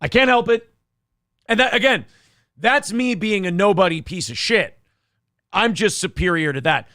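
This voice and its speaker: Gravelly sarcastic male show host. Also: sits high, animated, normal speed, sharp tone, no room sound, clean studio sound. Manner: sarcastic, mocking. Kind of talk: casual chat.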